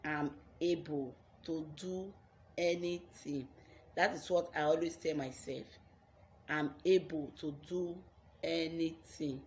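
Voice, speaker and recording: Low, slow-spoken Nigerian woman storyteller. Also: fairly even intonation, darkish tone, a little hiss or hum. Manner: earnest, repeats phrases for emphasis. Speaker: YouTuber telling her life story. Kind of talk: personal storytelling vlog.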